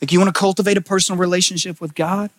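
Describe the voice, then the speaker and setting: A male pastor giving a casual, animated sermon, acting out quotes in everyday slang. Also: sits high, rapid-fire, in a large hall.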